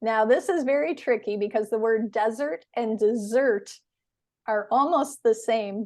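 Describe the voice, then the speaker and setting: A woman teaching English in a webinar, explaining words slowly and patiently with clear stress. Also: mid-range voice, darkish tone.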